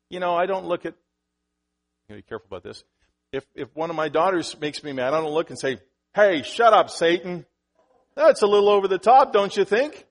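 A male pastor preaches conversationally, starting sentences over and slipping in asides to the congregation. On the points he emphasizes, his voice grows louder and higher.

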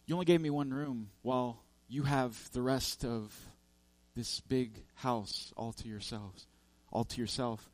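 A man voicing Jesus in a sermon parable, speaking gently and quietly as he explains. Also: mid-range voice, measured pace, no room sound, natural voice. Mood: calm. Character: calm, patient Jesus.

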